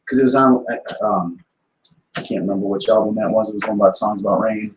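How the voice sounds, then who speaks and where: A man's voice: on the low side, fairly even intonation, fast talker. Casual male guest, rambling and chatty, heard from far off in an echoey room. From Wisconsin. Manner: rambling storyteller, many restarts. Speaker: podcast guest. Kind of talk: casual chat. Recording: echoey remote call with faint noise.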